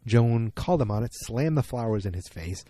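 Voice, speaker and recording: A man's voice: mid-range voice, expressive, moderate pace, dark tone. A man hosting a solo podcast, recapping a TV episode in an opinionated, rambling way with lots of fillers and restarts. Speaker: podcast host.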